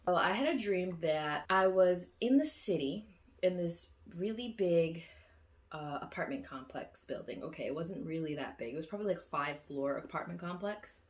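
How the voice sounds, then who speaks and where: A woman telling a long dream story in a casual, rambling way, full of fillers and restarts, who loudly acts out her own quoted lines. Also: fairly low pitch, lively intonation, moderate pace. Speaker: vlogger recounting a dream.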